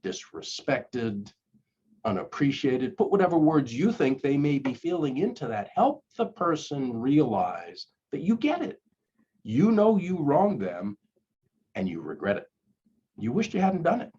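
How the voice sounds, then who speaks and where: A man's voice: mid-range voice, darkish tone, breathy edge. An older man, a conflict coach, giving earnest, coaxing advice straight to the camera and acting out sample apologies. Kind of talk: direct-to-camera advice talk. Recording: dull lo-fi recording.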